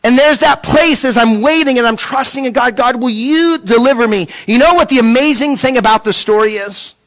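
A man preaching a sermon, asking rhetorical questions and repeating words as he restarts, dropping from a raised voice to a hush. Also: extremely high pitch, brisk. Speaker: pastor.

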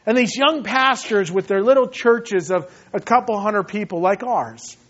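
A male pastor preaching a sermon in an animated way, often laughing and acting out short voices. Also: high-pitched, a little slow, lo-fi sound.

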